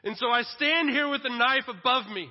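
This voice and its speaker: A man's voice: very high voice, moderate pace, pitched above the performer's own voice. An anguished aged father pleads with God in a strained, raised voice, as a preacher acts him out during a sermon. The recording sounds dull and lo-fi, with a long echo from a large hall.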